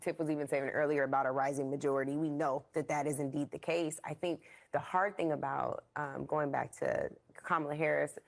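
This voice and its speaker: A woman on a political panel, speaking in an articulate, deliberate way. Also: low-pitched, fairly even intonation, creaky. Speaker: panel commentator.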